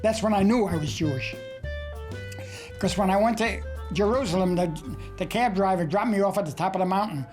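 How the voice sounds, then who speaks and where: His voice sits high with a darkish tone and a fairly quick delivery as this older American cartoonist looks back on his career. In documentary interview narration over soft background music, he tells wry, anecdotal stories laced with dry humor.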